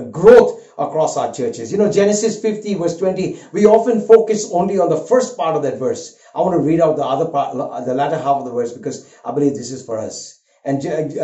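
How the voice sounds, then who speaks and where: An older man preaching a sermon, an earnest and animated storyteller who weaves a personal story into his message. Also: on the high side. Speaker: pastor. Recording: roomy, dull lo-fi sound.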